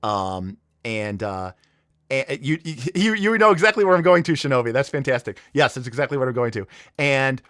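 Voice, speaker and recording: A man's voice: mid-range voice, sing-song, normal speed, fairly bright tone, no room sound. A man in the middle of his range hosts a casual livestream, rambling through a story with plenty of "um"s and "you know"s. He sounds eager and carried away by his own telling. The sound is dry and close, with no room around it. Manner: rambling, enthusiastic storytelling with many fillers. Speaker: livestream host.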